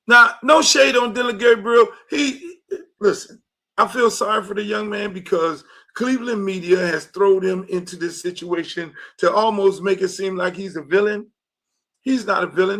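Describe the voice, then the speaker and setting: Male podcast host from Miami, high and bright voice, profane fired-up sports rant with shouted asides. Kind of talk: unfiltered sports commentary monologue.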